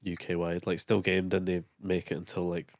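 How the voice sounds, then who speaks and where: A man's voice: sits low, completely flat delivery, normal speed, gravelly, a little mellow, dry recording. A man co-hosting a podcast, chatting bluntly with wry interjections. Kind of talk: casual chat.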